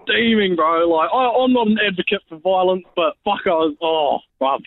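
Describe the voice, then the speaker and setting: A man's voice: high-pitched, normal speed, vocal fry. A man with a New Zealand accent talking casually and swearily to a podcast over the phone from work. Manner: sweary, indignant, laid-back slang. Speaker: caller, podcast listener. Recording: tinny phone line.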